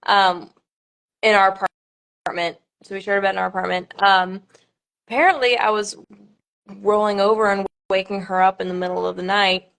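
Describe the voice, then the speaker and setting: A woman's voice: medium pitch, fairly even intonation, moderate pace, creaky, pauses often, fairly bright tone. A young woman, a pageant contestant, chatting on a live stream with nervous laughter and many fillers.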